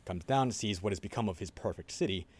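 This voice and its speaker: A man on a podcast, casually retelling a story in a loose, animated way, with swearing and quoted voices. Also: lowish voice, fast. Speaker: podcast host.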